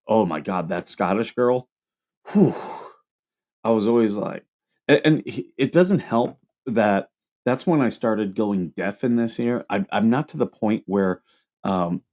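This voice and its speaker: A man's voice: fairly low pitch, darkish tone. A man from Ohio with a Midwestern accent, hosting a casual livestream and chatting with viewers. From Toledo, Ohio. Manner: rambling, chatty, reacts to chat comments. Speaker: livestream host.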